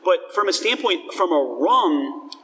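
A man's voice: high-pitched, lively intonation, a little slow, pushed and bright, recorded from a distance, slight background noise. A man hosting a casual tasting chat, talking enthusiastically and descriptively in a rambling way. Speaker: host. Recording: long hall reverb.

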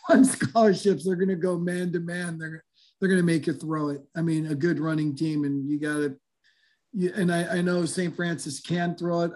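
A man chatting about high school football and horse racing, rambling with lots of fillers and restarts. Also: darkish tone. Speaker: sports analyst guest. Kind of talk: casual sports talk.

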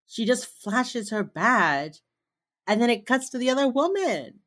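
A woman with a fairly high voice co-hosts a podcast, unhurriedly recapping a TV episode in casual chat. She gets animated, acting out the characters' lines in put-on voices.

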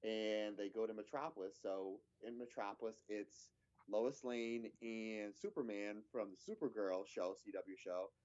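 A man's voice: fairly low pitch, measured pace, darkish tone, dull audio. A man in casual chat, recapping a TV episode in a rambling way with lots of fillers and restarts.

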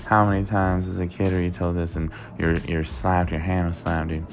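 A man vlogging, telling a rambling, profane story in a casual, animated way. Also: sits low, moderate pace, soft background music. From Worcester, Massachusetts.

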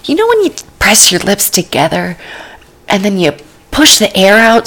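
A woman's voice: mid-range voice, sing-song, moderate pace, a bit bright. A woman podcast host giving comedic commentary on a cooking show, with dry, rambling asides that often drop to a whisper.

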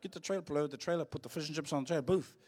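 A man with a New Zealand accent preaches in a church, his voice sitting a touch higher than most men's. He tells cheeky, joking stories and acts out the quotes in a raised voice. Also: rapid-fire, darkish tone, slightly rough. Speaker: pastor. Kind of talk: sermon with storytelling.

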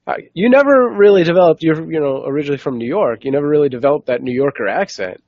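A man's voice: a little high, lively intonation, fast, a little mellow, no echo. Easygoing male podcast host, dry lo-fi sound. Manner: easygoing, steers the talk back on track. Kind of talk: casual chat.

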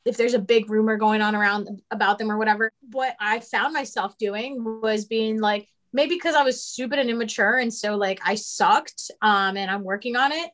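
A young woman in her twenties leads a relaxed chat among friends. Her voice sits high, and she swears and laughs easily as she talks. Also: moderate pace, few pauses. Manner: giggly, swears freely. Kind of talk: casual chat.

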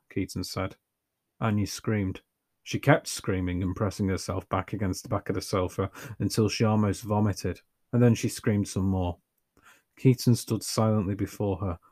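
A man's voice: low voice, darkish tone, no room sound. A man reading a story aloud with dry, wry, profane humour. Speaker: narrator.

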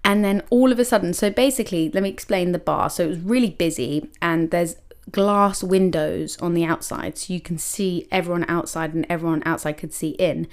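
A young woman hosting a podcast, telling a personal story in a lively, chatty way full of "like" and acted-out quotes of herself. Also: lowish voice, a little fast. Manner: animated, many likes and quoted self-talk. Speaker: podcast host.

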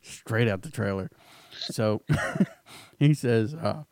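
A man co-hosting a podcast, talking excitedly about a fight, swearing and laughing often. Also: fairly low pitch, slow, long pauses, smooth, dry recording, studio quality. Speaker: podcast co-host. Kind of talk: casual chat.

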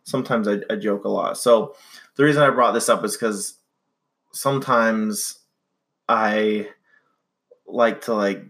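Low-voiced young man rambling casually. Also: a little slow, pauses often, a bit bright. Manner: rambling, many fillers and restarts. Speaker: podcast co-host. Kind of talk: casual chat.

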